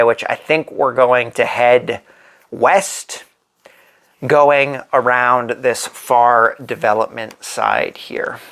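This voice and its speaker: A man who hosts a board game channel talks himself through a solo playthrough, slowly thinking aloud as he places pieces. His voice is mid-range, a bit bright, with vocal fry.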